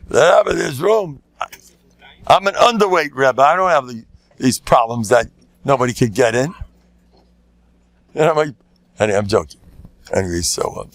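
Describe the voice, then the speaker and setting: Older rabbi telling jokes, lively pitch. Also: male voice, moderate pace, long pauses, no room sound. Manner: animated, jumps into loud high voices for quoted lines; self-interrupting, repeats words, laughs at own jokes. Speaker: rabbi giving a lecture. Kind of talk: storytelling talk with jokes.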